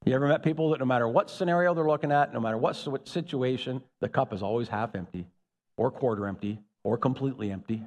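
A man's voice: medium pitch, quick pace, dull audio. A man preaching a sermon, calling out to the congregation to ask for their agreement. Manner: animated, calls out to the congregation. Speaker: pastor. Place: church. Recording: echoey hall.

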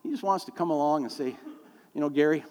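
This middle-aged pastor talks fast in a darkish voice that sits on the high side. His sermon is full of folksy stories, heavy with fillers, and he imitates the voices of those he quotes. The recording carries a long hall reverb.

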